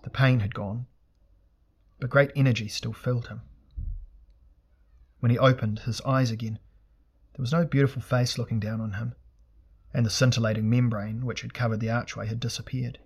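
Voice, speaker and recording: A man narrating a fantasy audiobook in a steady, measured, dramatic reading. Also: medium pitch, gravelly, slightly rough.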